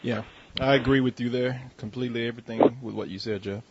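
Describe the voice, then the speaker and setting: A man's voice: medium pitch, fairly even intonation, fast talker, heavy background noise. A man hosting a gaming call-in show, joking around with crude banter and laughing with callers. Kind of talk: casual call-in chat. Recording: slightly dull lo-fi audio.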